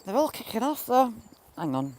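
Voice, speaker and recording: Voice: mid-range voice, big pitch swings, normal speed, darkish tone. A smallholder chatting casually on a live stream outdoors, talking to the animals and viewers with mild swearing. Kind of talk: casual live-stream chat while doing yard chores. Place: outdoors in a yard by a field. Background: birds and chickens.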